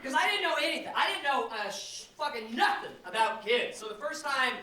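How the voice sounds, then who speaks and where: A man doing a loud, profane stand-up comedy set, telling brash stories. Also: very high-pitched, animated, brisk. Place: live comedy venue. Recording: echoey live room from far off. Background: audience laughter.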